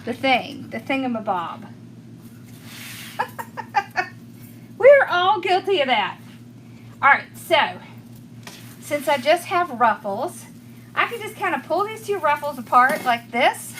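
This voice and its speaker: A woman's voice: sits high, big pitch swings, slow pace, pauses often, a bit bright, a little hiss or hum. A middle-aged woman with a Southern accent from rural Georgia, chatting with viewers as she demonstrates a craft, laughing often and thanking people by name. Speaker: craft tutorial host.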